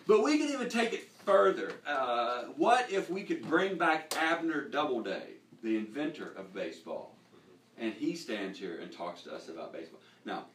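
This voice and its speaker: A middle-aged man leading a casual Bible lesson in a living room, animated and stumbling on repeated words as he starts sentences. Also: medium pitch, a little hiss or hum. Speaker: Bible study teacher. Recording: echoey room, voice from far off.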